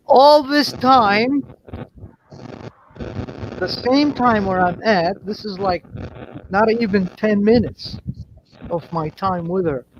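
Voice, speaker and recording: High-voiced man telling a wild story. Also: slow pace, long pauses, dull audio, a little hiss or hum. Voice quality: animated storytelling, swears and laughs often. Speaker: storyteller on an open panel. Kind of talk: casual chat.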